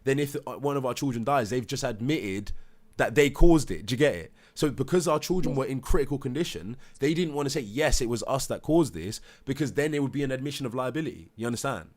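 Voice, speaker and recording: A man's voice: medium pitch, lively intonation, quick pace, a little mellow. A man, a father, talks heatedly in a live debate, acting out others' words and swearing. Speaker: parent telling his story.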